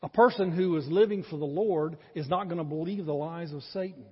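A man's voice: fairly high pitch, fairly quick, breathy edge. A man preaching a sermon as pastor, earnest and emphatic, with rising bursts of intensity. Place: church sanctuary. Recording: muffled church recording with long reverb.

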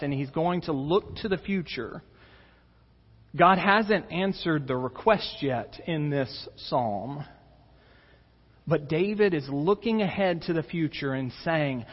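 A man preaching a sermon as pastor, earnest, swelling with emphasis and falling to soft, intense moments. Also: a little high, husky. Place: church sanctuary. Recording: dull reverberant church recording.

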